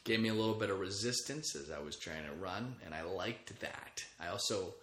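A man's voice: low-pitched, lively intonation, normal speed, a bit bright. Crude, joking man in an echoey room. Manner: crude, joking, rambling, with frequent profanity. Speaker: podcast host. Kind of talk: casual solo podcast monologue.

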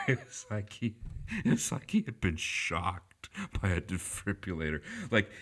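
A man with a low voice tells a funny anecdote in relaxed conversational speech. His pitch swings widely as he gets caught up in the story. He laughs often and stacks up fillers and restarts.

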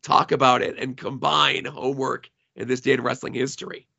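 A man's voice: mid-range voice, little pitch movement, a little fast, creaky, pushed and bright, slightly rough, dull audio. A man co-hosting a casual podcast, chatty and wry, laughing at his own jokes. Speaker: podcast co-host.

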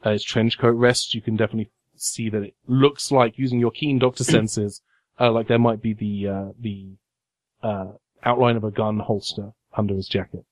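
Low-voiced man running a tabletop game. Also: fairly even intonation, darkish tone, no echo, studio quality. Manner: halting, many fillers. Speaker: game master. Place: game cafe.

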